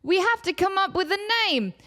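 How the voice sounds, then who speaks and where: A woman's voice: animated, fairly quick, bright, forceful tone, full character voice. A woman voicing a timid, fussy young male intern who is overly polite and apologetic. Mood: prim. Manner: fluttery, apologetic, high and breathy.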